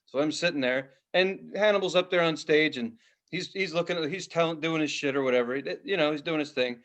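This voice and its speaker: A young man rambles through a story on a casual podcast, swearing freely and stumbling over his words. His voice sits a little high for a man. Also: brisk, fairly bright tone. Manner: rambling, profane, laughing storyteller. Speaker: podcast co-host.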